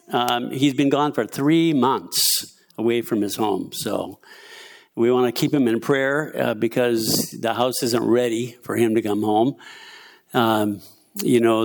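Man, pastor, sermon, casual asides, fillers, church. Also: mid-range voice. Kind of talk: sermon with scripture reading.

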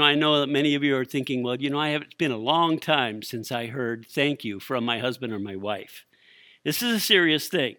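A man's voice: fairly high pitch, pushed and bright, no echo, clean studio sound. A man preaching a sermon, emphatic, repeating key lines for stress.

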